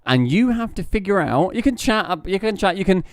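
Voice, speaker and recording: A man's voice: high-pitched, a little fast, no echo. Podcast host guy running a little quiz, bouncy voice, dry close sound. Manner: relaxed, chuckling, running a quiz segment. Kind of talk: casual podcast hosting.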